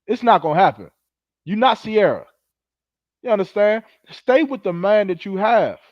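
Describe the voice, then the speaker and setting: A man's voice: sits high, big pitch swings, moderate pace, no room sound, lo-fi sound. A man hosting a podcast, delivering heated, preachy commentary in a scolding, profane manner. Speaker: podcast host.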